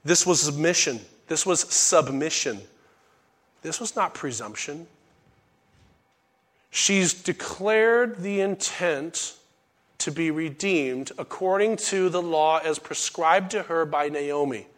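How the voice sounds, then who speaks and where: A middle-aged male preacher with a fairly high voice teaches scripture in a relaxed, conversational way. He slips into folksy asides, then jumps into loud bursts when he acts out a line. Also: slow. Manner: animated, acts out characters' lines in sudden loud bursts. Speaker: pastor teaching a Bible study. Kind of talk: sermon.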